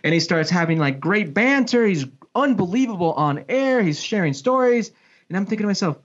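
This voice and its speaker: A man, a sports broadcaster and former pro soccer player, telling a story in a casual podcast chat, with big pitch swings and frequent restarts. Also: animated, a little fast. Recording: dull lo-fi podcast audio.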